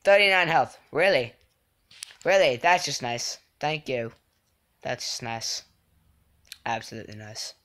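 A young man casually commenting on his own game live, excitable and quick to get frustrated at other players. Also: mid-range voice. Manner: excitable, swings from mumbling to yelling in frustration. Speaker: game streamer.

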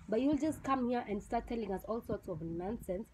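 A woman's voice: a little high, expressive, a little fast, warm tone, slight background noise, low-quality recording. Blunt young Kenyan woman vlogger. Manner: blunt, scornful, slips into Swahili slang. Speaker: vlogger reviewing a TV show. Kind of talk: casual opinionated review.

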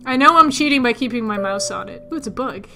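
A woman's voice: on the high side, expressive, fast, gravelly, sharp tone, soft background music. A young woman casually commenting as she plays a puzzle game, chatting to her viewers and muttering to herself. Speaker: let's player.

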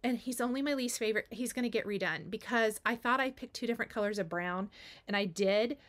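A woman's voice: fairly high pitch, a little fast, a bit bright. A woman hosting a cross stitch video, chatting casually and gushing over her finished pieces, repeating words for emphasis. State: has the hiccups. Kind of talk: casual show-and-tell chat.

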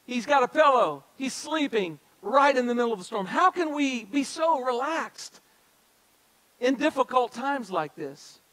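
Male pastor, very high voice, conversational sermon style, speaks straight to the congregation and repeats key lines. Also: expressive, a little slow, a bit bright, rough recording. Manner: addresses congregation directly, repeats key phrases. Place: church sanctuary.

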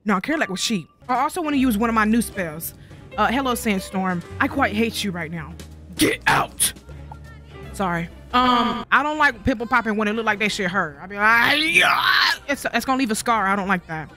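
A young adult gaming creator talks over gameplay in a sassy, rambling way, swearing freely and joking at the audience. The voice sounds bright and a little tense, with soft music running underneath. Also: mid-range voice, lively intonation, brisk. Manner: sassy, rambling, profane trash talk. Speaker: gaming YouTuber. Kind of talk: casual gameplay commentary.

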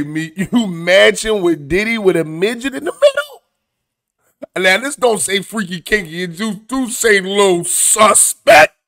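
A man hosting a comedic news commentary show, animated, profane and mocking as he reacts to clips. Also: high voice.

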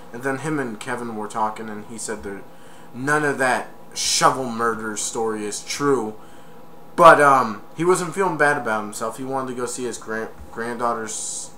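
A man casually retelling a movie plot in a rambling, excitable way for a home video review. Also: mid-range voice, a little hiss or hum.

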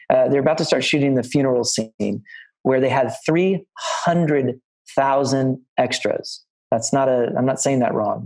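A man's voice: medium pitch, a little mellow, low-quality recording. A middle-aged man, a line producer, telling film-set stories to students on a video call, rambling and restarting often. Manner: anecdotal and rambling, with many restarts. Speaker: line producer giving career advice.

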